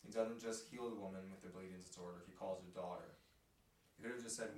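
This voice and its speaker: A man leading a casual Bible discussion, reading scripture aloud with emphasis and getting excited. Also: deep voice, fast talker. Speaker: podcast host leading Bible study. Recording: echoey room from a distance with light noise.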